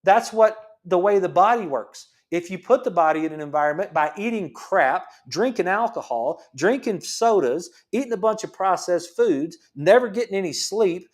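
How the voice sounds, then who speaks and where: A man's voice: high voice, expressive, normal speed, few pauses. Emphatic man hosting a health show. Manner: emphatic, repetitive rhetorical questions. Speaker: chiropractor show host. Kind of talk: passionate monologue.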